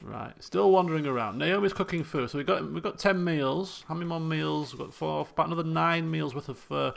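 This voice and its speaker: A man's voice: a little high, fairly quick, creaky. A man streaming a colony sim game live, chatty and thinking aloud while talking to his chat. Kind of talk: casual live game commentary.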